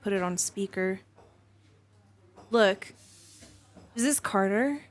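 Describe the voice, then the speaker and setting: Slow, terse woman playing a game character. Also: medium pitch. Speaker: player. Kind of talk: tabletop roleplay, in and out of character.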